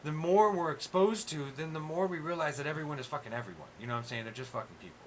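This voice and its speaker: A man in casual chat, hosting, ranting loudly and swearing constantly. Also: fairly high pitch, fast, slight background noise. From USA. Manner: profane, ranting, animated. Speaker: host.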